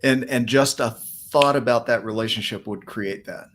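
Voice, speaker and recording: A man's voice: mid-range voice, normal speed, a bit bright, a little hiss or hum. A man hosting a podcast interview, affirming his guest with short replies and brief reflections. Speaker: podcast host. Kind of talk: conversational interview.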